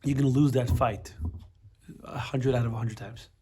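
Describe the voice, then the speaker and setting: A man's voice: mid-range voice, fairly even intonation, moderate pace, noisy background. A man teaching a casual class on a religious text, explaining with everyday examples, often restarting and repeating words.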